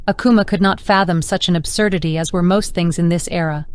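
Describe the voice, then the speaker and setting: A woman narrating a science fiction audiobook in a steady, measured reading. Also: lowish voice, clear, resonant tone. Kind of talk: scripted narration.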